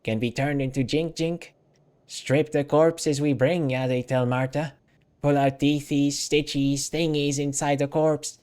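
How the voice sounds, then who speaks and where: Brief: man voicing a strange old crone seamstress, sing-song mumble, broken grammar, slow. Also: a little high, flat delivery, a little mellow, smooth, lightly acted. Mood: mumbling. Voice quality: sing-song, speaks of herself in third person. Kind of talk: reading game dialogue aloud.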